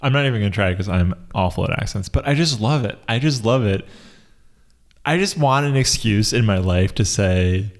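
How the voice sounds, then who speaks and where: Laughing, low-voiced man co-hosting a podcast. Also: expressive, moderate pace. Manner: laughs often, repeats lines for comic effect. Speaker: podcast co-host. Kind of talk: casual comedic chat.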